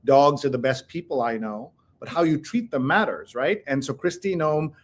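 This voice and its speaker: A man co-hosting a casual talk show, opinionated and animated, who reads headlines aloud and reacts with blunt commentary. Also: on the high side, normal speed. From India. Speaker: co-host. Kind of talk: casual chat.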